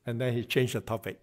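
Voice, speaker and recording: Man telling devotional stories in a class. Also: mid-range voice. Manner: narrates with acted-out dialogue, frequent fillers and restarts. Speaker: guest speaker giving a morning class. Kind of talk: devotional storytelling lecture.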